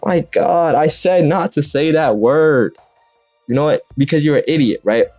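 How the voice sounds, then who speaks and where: A man's voice: a little high, lively intonation, moderate pace, a little mellow, no room sound. A young man in a crude, exaggerated comedic rant, swearing often and jumping between voices. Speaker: content creator. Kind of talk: comedic rant over gameplay. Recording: dull lo-fi mic with faint music. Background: faint background music.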